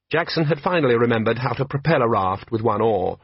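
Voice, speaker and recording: A man's voice: medium pitch, expressive, fast talker, hardly any pauses, husky, no echo, dull audio. A man reading an audiobook aloud with dry, wry storytelling. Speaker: audiobook narrator. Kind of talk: audiobook narration.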